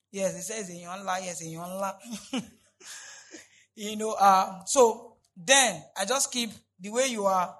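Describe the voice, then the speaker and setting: A man delivers a sermon in a high, bright voice. He repeats key lines and swings from quiet asides up to loud, emphatic peaks. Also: rough recording. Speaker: pastor.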